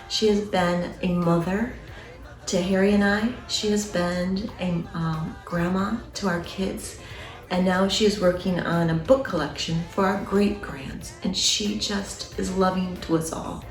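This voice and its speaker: A woman's voice: lowish voice, steady tone, unhurried, faint music behind. A woman giving an earnest, heartfelt tribute to a longtime family friend. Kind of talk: spoken tribute. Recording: echoey room, distant mic.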